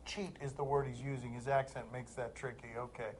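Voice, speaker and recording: A man's voice: medium pitch, little pitch movement, brisk, heavy background noise. A man hosting a sports talk show, trading dry, skeptical wisecracks with his co-hosts. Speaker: host. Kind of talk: casual sports talk radio banter.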